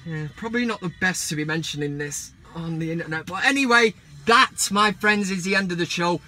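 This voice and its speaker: A man's voice: high voice, brisk, pushed and bright, soft background music. A man hosting a football vlog, ranting heatedly and mockingly with plenty of swearing.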